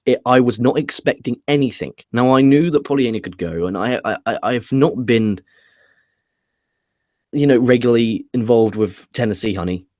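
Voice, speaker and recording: A man talks through a wrestling show in a loose, casual review. He swears offhand and often restarts his sentences. His voice sits at a middling pitch and the recording is dry and close. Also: moderate pace, darkish tone, no room sound. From England.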